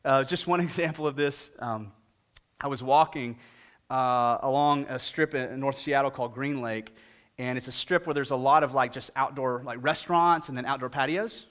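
A middle-aged male pastor preaching a sermon and telling a humorous story with animated delivery. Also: mid-range voice, moderate pace.

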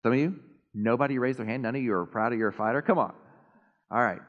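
Animated pastor preaching in a reverberant hall. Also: male voice, mid-range voice, fast, phone-quality sound. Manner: animated, self-deprecating, swings from quiet to loud. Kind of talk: sermon. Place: church sanctuary. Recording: long reverb of a church hall.

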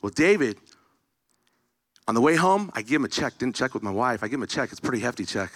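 Man, animated storyteller, bright forceful voice, acts out dialogue. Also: medium pitch, fast talker, pauses often. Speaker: speaker. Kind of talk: storytelling sermon.

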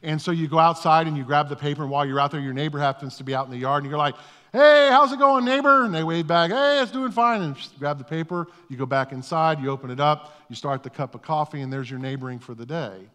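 A man's voice: medium pitch, fairly even intonation, quick pace, few pauses, fairly bright tone. A middle-aged male pastor giving a conversational, self-deprecating sermon, often repeating his words as he starts a thought. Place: church sanctuary. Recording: long reverb of a church hall.

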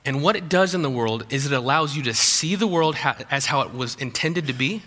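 A man preaching a sermon with a sharp, very bright tone and a slightly high voice. He talks in a conversational way, restarting phrases and slipping in humorous asides. His voice carries a long reverb from a large hall. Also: animated, brisk. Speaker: pastor.

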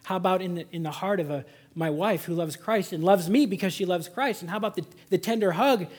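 A man with a high, husky voice preaches a Sunday sermon in church. He swings from loud, urgent exhortation to hushed, close emphasis on the points that matter most. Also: a little fast. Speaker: pastor. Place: church service.

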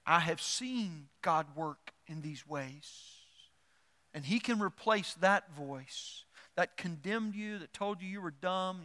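A middle-aged male pastor preaching with a high, bright, ringing voice. He delivers the sermon animatedly, repeating himself and building emphasis. The sound carries a long reverb, like a large church hall.

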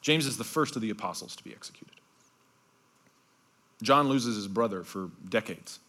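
A male pastor giving a conversational sermon, dropping to slow, hushed passages for emphasis and adding asides like "okay?". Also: fairly low pitch, expressive. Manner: swings between bright emphasis and hushed, slowed-down passages.

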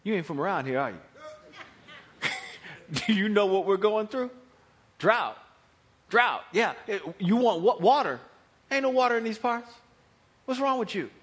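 A man's voice: fairly high pitch, huge pitch swings, takes it slowly, pauses often, pushed and bright, exaggerated voice. A man doing a sassy, exasperated widow. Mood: incredulous. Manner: incredulous, scolding, colloquial.

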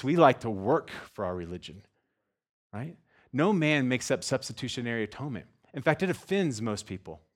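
Male pastor, sermon, lively swings in pitch and volume, jokey asides, mid-pitched voice. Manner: animated, jokey, acts out scenes with sudden loud shouts.

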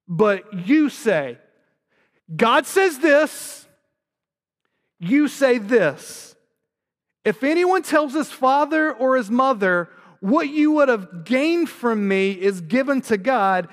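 Man, pastor, sermon, high pitch, earnest, long hall reverb. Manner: earnest preaching, rhetorical questions, voices quoted speech.

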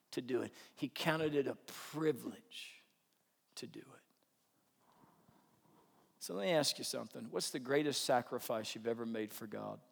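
A man preaching a sermon as a pastor, building to fervent calls and easing into a quiet prayer. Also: mid-range voice, vocal fry. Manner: impassioned preaching that drops to a soft prayer. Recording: echoey hall.

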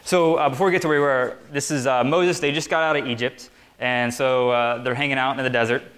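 A young man in the middle of an informal sermon, with a voice that sits at an ordinary, mid-range pitch for a man. He talks as if chatting with friends, loose and easygoing, full of little fillers. He is speaking to a group gathered on chairs in a meeting room. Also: fairly quick. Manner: conversational, relaxed and chatty, with many fillers. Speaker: preacher. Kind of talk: casual sermon.

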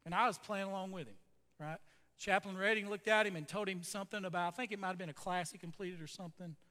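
A man's voice: high voice, fairly even intonation, fast, sharp tone, long reverb tail. A man preaching a sermon as a pastor, telling a story in a conversational way with frequent asides to the congregation.

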